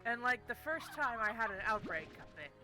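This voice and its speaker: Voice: medium pitch, sing-song, moderate pace, pushed and bright, faint music behind, low-quality recording. A young adult game streamer telling a story casually while playing, swearing constantly in an exasperated rant.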